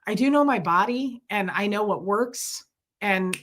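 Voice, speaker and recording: A woman's voice: medium pitch, lively intonation, a little slow, fairly bright tone. A woman chatting on a casual livestream, telling a story, venting frustration and answering viewers by name.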